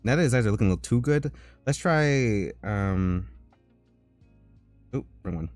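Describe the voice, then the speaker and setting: A man streaming as an artist, chatting casually as he works and breaking into high squeals of disgust and laughter. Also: animated, moderate pace, a little mellow, no echo, faint music behind. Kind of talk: casual live-stream chat while drawing.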